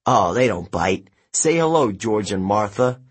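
Easygoing, tired man who is always on call, low and unhurried, as the narrator does him. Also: breathy edge. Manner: relaxed and easygoing, a little weary. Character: calm, overworked man, a weary divine courier.

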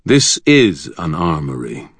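A towering god of death speaks in a deep basso rumble, as a male narrator puts him on. He is formal and commanding, and each word is measured. The recording is close and dry. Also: big pitch swings, breathy edge, dry recording, exaggerated voice. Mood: calm, commanding. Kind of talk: audiobook character voice.

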